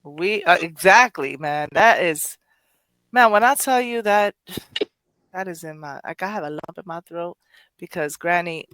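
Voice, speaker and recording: A woman's voice: lowish voice, measured pace, fairly bright tone, no echo. A woman hosting a poetry podcast, speaking emotionally in casual chat, rambling with many restarts and self-corrections. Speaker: poetry show host.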